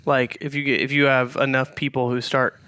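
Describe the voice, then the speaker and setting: A man's voice: mid-range voice, level tone, a little fast, bright, forceful tone, smooth, no echo, clean studio sound. A young man co-hosting a podcast, talking in a casual, rambling way with many fillers and restarts. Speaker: podcast co-host. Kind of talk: casual chat.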